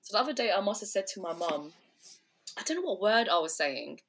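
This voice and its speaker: A woman's voice: medium pitch, animated, a little fast, a loud crowd. A young woman co-hosting a podcast, chatting loosely with lots of fillers and restarts. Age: young adult. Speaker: podcast co-host. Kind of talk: casual chat.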